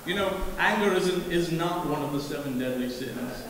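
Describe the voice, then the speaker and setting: A man doing a live stand-up routine on stage, talking in halting, stammering restarts and wry self-mocking jokes to a tipsy crowd. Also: a little high. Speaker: stage comedian. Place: large echoing event hall on a stage. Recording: echoey hall recorded from far off with a crowd. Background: audience murmur and laughter.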